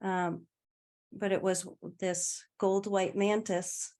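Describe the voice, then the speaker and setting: A woman's voice: medium pitch, level tone, takes it slowly, darkish tone. Chatty woman telling a story. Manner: chatty, laughs between phrases, trails off mid-sentence. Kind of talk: casual conversational storytelling.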